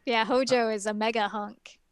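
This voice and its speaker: A woman co-hosts a podcast, chatting casually with giggles and lots of fillers. Her voice is high. The recording is dry and close. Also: fairly even intonation, moderate pace, smooth, no room sound. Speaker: podcast co-host. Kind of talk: casual chat, episode recap.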